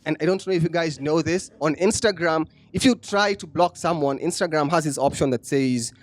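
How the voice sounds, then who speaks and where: Brief: male stand-up comic from Kenya, fairly high voice, dry sarcastic delivery. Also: fairly quick. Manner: sarcastic, deadpan irony. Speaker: stand-up comedian. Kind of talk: stand-up comedy set. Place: comedy club stage.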